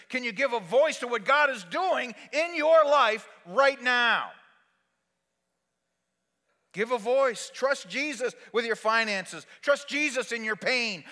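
A man preaching a sermon as pastor, swinging between loud exhortation and quiet, intimate asides. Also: extremely high pitch, long reverb tail.

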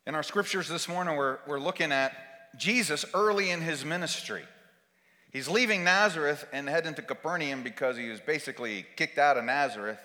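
A man's voice: fairly high pitch, fairly quick, sharp tone, in a large hall. A male pastor preaching a sermon in a conversational, storytelling way. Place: church sanctuary.

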